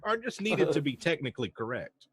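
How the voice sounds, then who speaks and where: Player guy being a stickler, super lively pitch, raspy, dry. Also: a little fast, no room sound. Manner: pedantic, hesitant with fillers. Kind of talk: casual chat at a game table.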